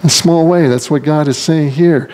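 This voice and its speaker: A man delivers a sermon as pastor, in a lively storytelling manner. He acts out the characters he describes, and his voice leaps up in pitch for them. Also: normal speed. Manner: animated storytelling, acting out voices with big pitch swings.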